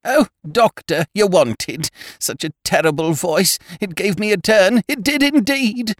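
Man doing a high, breathless housekeeper woman in a fluster for an audiobook, with lively swoops. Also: unhurried, no echo, studio quality. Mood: alarmed. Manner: breathless, agitated, shrill. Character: flustered middle-aged female housekeeper.

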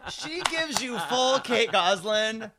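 Man, 40s, slightly high voice, animated storyteller who acts out the voices of others. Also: slow pace, crowd noise. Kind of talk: casual storytelling chat.

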